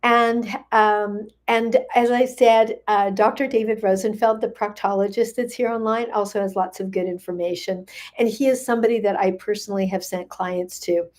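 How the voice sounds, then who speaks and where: A woman's voice: medium pitch, fairly even intonation, normal speed. An older woman hosting a casual livestream as a gut health coach, chatty and friendly, greeting viewers by name with frequent ums.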